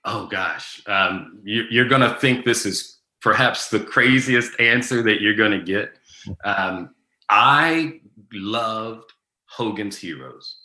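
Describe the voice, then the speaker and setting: In an echoey room, a guest takes questions with a relaxed air. Frequent ums and restarted sentences mark his thinking, and his fairly low voice sounds bright and forward.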